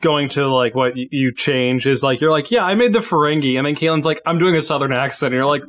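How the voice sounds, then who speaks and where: Male player, a bit high, jokey and animated, lots of fillers. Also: quick pace. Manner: joking, animated, with many fillers. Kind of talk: casual podcast chat.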